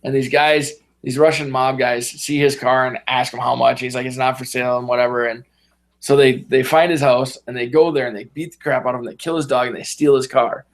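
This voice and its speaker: A man's voice: medium pitch, fairly even intonation, brisk. A man in casual podcast chat, animatedly retelling movie scenes and acting out the characters in voices. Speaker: podcast co-host.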